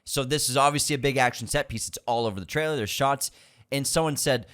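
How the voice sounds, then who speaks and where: A man's voice: mid-range voice, quick pace, fairly bright tone. A man co-hosting a podcast, chatting casually about movies, swearing and getting worked up in rants. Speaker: podcast co-host. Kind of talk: casual movie news chat.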